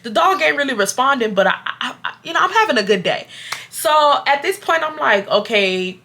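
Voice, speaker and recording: A bright-toned woman in her twenties, from Houston, spins a storytime for her viewers. She is chatty, animated and freely profane, and keeps talking to them directly as y'all. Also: high-pitched, brisk, a little hiss or hum. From Houston, Texas. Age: 20s. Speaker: vlogger telling a story. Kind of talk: casual storytime.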